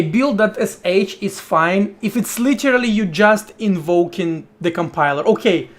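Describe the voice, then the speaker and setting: A man talks through his code on a live stream at an unhurried, slow pace. His speech is casual and slangy, breaking into short thinking-aloud bursts and the odd curse as he works. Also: a little high. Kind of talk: casual live-stream chat while programming.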